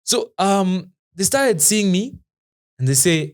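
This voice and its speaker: A man with a Kenyan accent co-hosting a podcast, a lively storyteller who often laughs and mixes slang into casual chat. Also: high-pitched, takes it slowly, clean tone. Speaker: podcast co-host.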